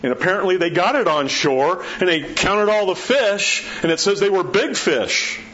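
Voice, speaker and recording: A pastor giving a sermon in a conversational way, acting out the quotes and dropping his voice low to drive points home. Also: moderate pace, fairly bright tone. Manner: conversational preaching, acts out quotes, drops low for emphasis. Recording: dull muffled sound with faint background hiss.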